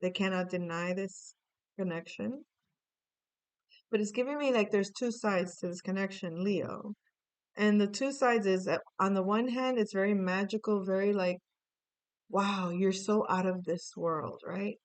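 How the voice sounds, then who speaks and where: A woman's voice: medium pitch, moderate pace, smooth. A woman doing a casual tarot reading, rambling with lots of fillers and restarts, swearing now and then. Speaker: tarot reader.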